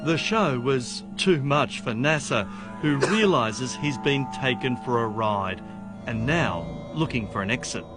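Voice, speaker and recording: A man's voice: mid-range voice, lively intonation, measured pace. A man reading scripted current-affairs narration with a dramatic, teasing delivery. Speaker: reporter narrator. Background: music.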